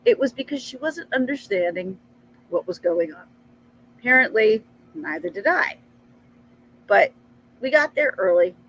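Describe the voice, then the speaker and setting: A middle-aged woman telling a rambling personal story in a casual vlog, chatty and animated. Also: measured pace, long pauses, slight background noise, low-quality recording. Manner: chatty, rambling, animated with frequent jumps in pitch. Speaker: vlogger.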